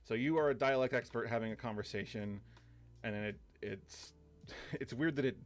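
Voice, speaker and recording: A man gives a relaxed lecture, talking in a casual, conversational way and filling it with asides and small fillers. His voice sits in an ordinary middle pitch. He sounds like an instructor explaining things to a class, not reading from a script. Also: normal speed. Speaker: course instructor. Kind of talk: casual lecture over slides.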